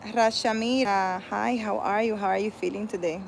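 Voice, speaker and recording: A woman's voice: medium pitch, fairly even intonation, normal speed, vocal fry, slight background noise. A woman hosting a casual livestream outdoors, greeting viewers by name and chatting loosely as she reads their comments. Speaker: livestream host and spiritual healer.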